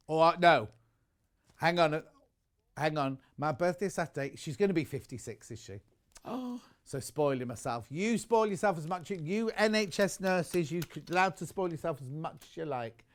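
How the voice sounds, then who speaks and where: Casual: british man on shopping tv, pretty high pitched, just chatting away between prices. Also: animated, normal speed. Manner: chatty, rambling, reads out viewer messages. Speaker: shopping channel presenter. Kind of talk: live TV shopping presentation.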